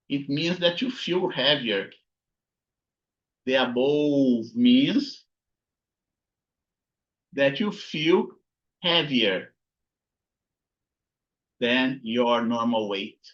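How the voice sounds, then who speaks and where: Male physics instructor, deliberate pace, bright tone, muffled lo-fi recording. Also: medium pitch, lively intonation. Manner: thinking aloud, frequent "okay?" and "right?" checks. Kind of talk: recorded lecture with slides.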